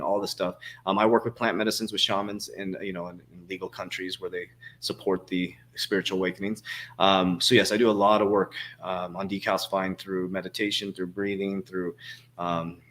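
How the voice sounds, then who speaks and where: A man's voice: low-pitched, fairly bright tone, slight background noise. A man in his forties, a crypto coach answering viewer questions in a casual livestream, rambling and swearing, with many fillers and restarts. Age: 40s.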